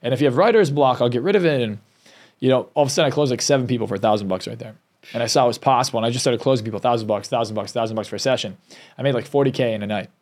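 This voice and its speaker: Fast-talking man telling a personal story. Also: mid-range voice, darkish tone. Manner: candid, emotional, with frequent restarts. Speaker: success coach and hypnotist guest. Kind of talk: personal storytelling in a podcast interview.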